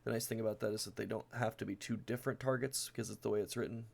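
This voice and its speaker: Very fast, with vocal fry, a lowish pitch, and fairly even intonation, a deck tech host walks through his cards one by one. He's tired and yawning, reading the card text aloud casually amid fillers and restarts.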